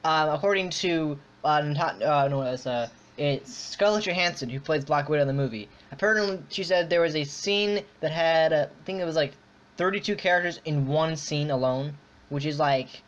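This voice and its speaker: A podcast host with a slightly high male voice speaks at a moderate pace. He rambles through a casual online chat, full of fillers and restarts. The audio is dull and lo-fi.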